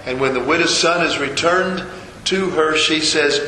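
A man's voice: fairly high pitch, normal speed, sharp tone, reverberant, in a large hall, a little hiss or hum, low-quality recording. A man preaching a sermon, retelling a scripture story and repeating rhetorical questions. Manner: storytelling, voices the figures' quoted lines, rhetorical questions.

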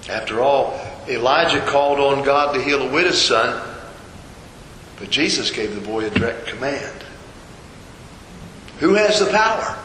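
A man's voice: mid-range voice, sharp tone, echoey room, big-room sound, slight background noise, poor audio. A man preaching a sermon, retelling a scripture story and repeating rhetorical questions. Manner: storytelling, voices the figures' quoted lines, rhetorical questions.

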